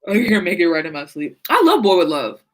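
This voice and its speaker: A woman's voice: on the low side, big pitch swings, fairly quick, poor audio. Woman just chatting about music, laughs a lot, swears, super casual. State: sleepy, yawning. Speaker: podcast host. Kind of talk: casual chat.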